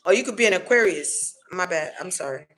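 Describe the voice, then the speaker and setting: A woman's voice: fairly low pitch, lively intonation, brisk, a bit bright, a little hiss or hum. A woman giving a casual collective tarot reading, blunt and slangy, swearing freely and repeating words for emphasis. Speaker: tarot reader.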